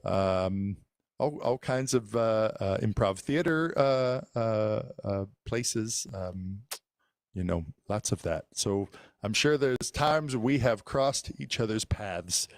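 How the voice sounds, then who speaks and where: A man's voice: on the low side, slow, dry recording, clean studio sound. A man hosting a casual music livestream, chatting to viewers in a rambling way with many filler words. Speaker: live-stream host and musician. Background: loud music.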